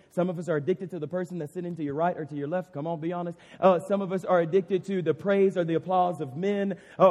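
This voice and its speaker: A man preaches an impassioned sermon, his voice fairly high yet dark and husky. He keeps circling back on his words. A long reverb from a large church hall trails every phrase. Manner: impassioned, repeats "I mean" and "literally". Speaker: pastor.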